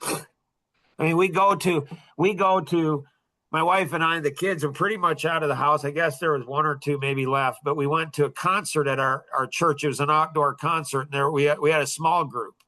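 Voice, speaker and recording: A middle-aged man hosting a podcast, telling a story in a casual, animated and heated way, with many restarts. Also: on the high side, normal speed. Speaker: podcast host.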